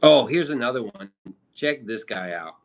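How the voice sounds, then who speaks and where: Midwest dude streaming, rambly and cussing, regular mid voice. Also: male voice, mid-range voice, lively intonation, moderate pace, vocal fry, slight background noise. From American Midwest. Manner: rambling, swears casually, loose slang. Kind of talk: casual live-stream chat.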